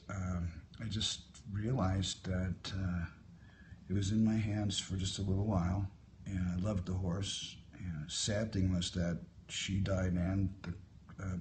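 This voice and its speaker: A man in his fifties chatting casually on a phone live stream, answering viewer comments in a musing, unhurried way and drifting from topic to topic. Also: sits low, flat delivery, a little mellow, a little hiss or hum. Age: 50s. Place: hotel at sunrise. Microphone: phone held for a live stream.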